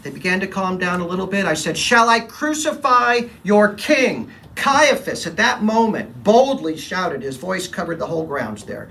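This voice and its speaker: A man's voice: high voice, animated, moderate pace, vocal fry, hardly any pauses, a bit bright, distant mic, exaggerated voice, low-quality recording. A man playing a troubled, defensive middle-aged Roman governor in a first-person dramatic monologue, telling his story in a brooding, confessional way with emphatic quoted lines.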